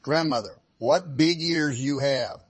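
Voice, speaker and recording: A man's voice: on the high side, slow pace, husky. A man voicing an innocent little country girl in a storybook reading, with a trusting, lilting manner. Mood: wondering.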